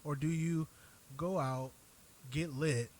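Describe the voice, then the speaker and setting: A man's voice: fairly high pitch, fairly even intonation, slow pace, a little mellow, rough recording. A man hosting an online show, talking straight to his audience in an earnest, blunt way that turns profane when he gets worked up. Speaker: show host. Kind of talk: direct-to-camera commentary.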